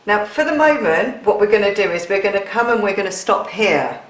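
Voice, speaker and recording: A woman's voice: mid-range voice, lively intonation, fairly quick, roomy sound. A woman chatting through a sewing tutorial, laughing often and poking fun at herself.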